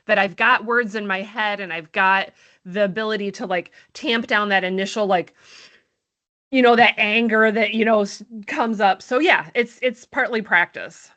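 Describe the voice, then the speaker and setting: A woman's voice: medium pitch, normal speed, pushed and bright. A woman co-hosting a podcast, speaking candidly with a wry, self-mocking edge. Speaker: podcast co-host. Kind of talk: casual podcast conversation.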